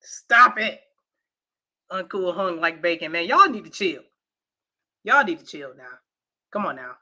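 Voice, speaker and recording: A woman's voice: on the low side, animated, unhurried, pushed and bright. A woman co-hosting a casual livestream, teasing the chat, laughing often and reading news stories aloud. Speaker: livestream co-host.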